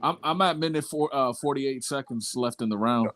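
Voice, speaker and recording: A man on a boxing watch-along, laid-back and quick to laugh, reacting to the fight. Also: mid-range voice, a bit bright, no room sound. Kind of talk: casual group chat.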